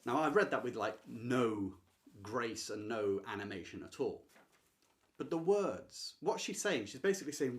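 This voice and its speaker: A man who teaches literature to camera, talking emphatically and swinging between loud declarations and hushed stresses. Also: medium pitch, expressive, moderate pace. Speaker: literature teacher and channel host. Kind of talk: enthusiastic explanatory talk to camera.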